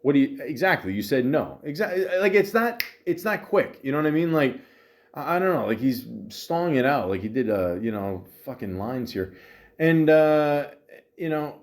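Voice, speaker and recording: A man hosts a podcast and tells a long story in a loose, rambling way. He swears freely, stumbles over restarts and leans on fillers. He sounds exasperated, and his voice sits at an ordinary middle pitch. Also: sing-song, fairly quick. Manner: exasperated retelling of an argument. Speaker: podcast host. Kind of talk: casual storytelling.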